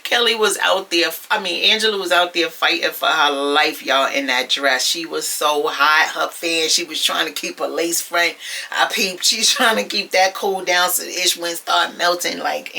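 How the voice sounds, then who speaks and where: Sassy, bright-voiced woman recapping. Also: deep voice, moderate pace, gravelly. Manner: sassy, chatty, addresses viewers directly. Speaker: reality TV recap vlogger. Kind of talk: casual episode recap.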